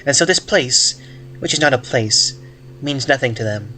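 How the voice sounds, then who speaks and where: A man voicing a calm, eerie child figure in a slow, pointed delivery. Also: mid-range voice, faint music behind.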